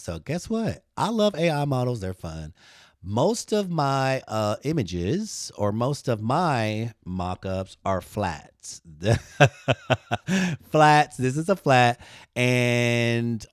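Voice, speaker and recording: A man's voice: normal speed, no echo, clean studio sound. A man hosting a live design tutorial stream. He chats with viewers in playful, sassy banter and calls them honey and girl. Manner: lively, swoops high when joking.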